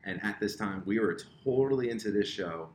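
A man's voice: fairly low pitch, lively intonation, fairly quick. A man telling a story on a casual podcast, self-mocking, acting out the lines of the people in it. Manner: self-mocking, acts out quoted dialogue. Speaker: podcast guest. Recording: roomy echo, faint room noise.

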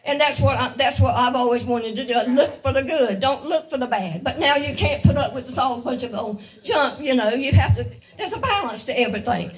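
A woman's voice: high-pitched, lively intonation, brisk, hardly any pauses, recorded from a distance, rough recording. A woman giving a guest sermon, earnest and repetitive, often laughing lightly between her points. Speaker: guest speaker.

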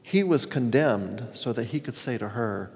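A man's voice: mid-range voice, expressive, moderate pace, a little mellow. A man preaching a sermon as a pastor, retelling scripture stories in an earnest way. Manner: earnest storytelling, reads scripture aloud. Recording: long reverb of a hall.

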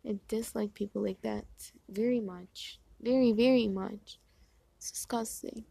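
A woman's voice: medium pitch, steady tone, unhurried, vocal fry, dark tone, breathy edge, dry recording. A young woman in casual chat, telling a rambling, exasperated story and acting out other people in quoted asides. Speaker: vlogger.

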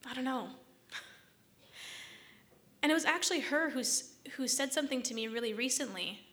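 A woman tells a personal story in a casual, chatty voice, exasperated and quick with asides. Her voice sits a little high and sounds bright and tense. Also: lively intonation. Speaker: vlogger telling a personal story.

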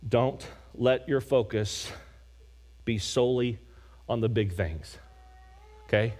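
A man preaching as a pastor, moving between loud, animated emphasis and quiet, slow prayer. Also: mid-range voice. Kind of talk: sermon.

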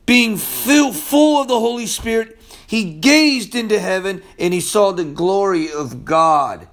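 Guy preaching, high voice, slangy, goes loud then real quiet. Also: expressive, unhurried. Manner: casual slangy preaching, swings from loud to hushed. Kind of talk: sermon.

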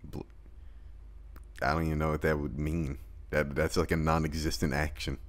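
A young man from Tennessee co-hosting a casual podcast, dropping laid-back, low-key remarks and laughing along. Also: flat delivery, moderate pace. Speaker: podcast co-host. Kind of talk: casual crude chat.

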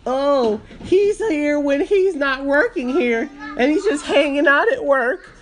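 A man putting on a high, drawn-out mocking whine as a self-pitying, jealous woman coworker. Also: expressive, a bit bright, slight background noise, exaggerated voice. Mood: mocking whiny.

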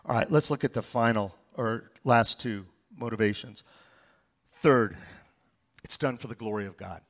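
A pastor giving a sermon, reading scripture verses aloud and explaining them with stories and asides. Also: male voice, medium pitch, normal speed.

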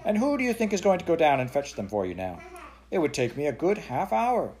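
A man's voice: fairly high pitch, huge pitch swings, a little fast, darkish tone, slight background noise, voice pushed up. A man voicing a cross, fussy aunt who scolds shrilly in a storybook reading. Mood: scolding. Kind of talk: audiobook character voice.

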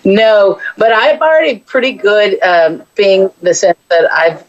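A woman's voice: medium pitch, unhurried, muffled recording. A woman from Texas with a Texan accent, a podcast guest telling rambling, chatty travel stories with many restarts. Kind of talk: casual podcast chat.

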